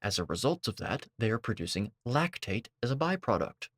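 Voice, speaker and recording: A man commenting on a video, lecturing and sarcastic, with sudden high-pitched outbursts. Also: sing-song, fairly quick, fairly bright tone, dry recording, studio quality.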